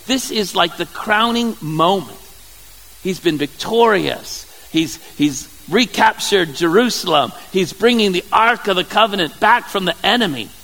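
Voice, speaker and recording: High-voiced male preacher in a reverberant hall. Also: animated, a bit bright. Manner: conversational, halting, repeats words. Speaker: pastor. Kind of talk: sermon.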